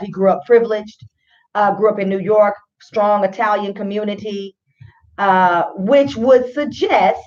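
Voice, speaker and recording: Chatty woman radio host, a little muffled. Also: medium pitch. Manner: chatty, opinionated, addresses listeners as y'all. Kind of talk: casual commentary.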